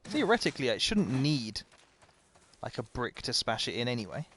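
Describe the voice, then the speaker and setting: A man's voice: medium pitch, big pitch swings, moderate pace, a bit bright, slightly rough. A man commentating live as he plays a video game, chatty and self-mocking, often talking to the game itself. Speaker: game streamer.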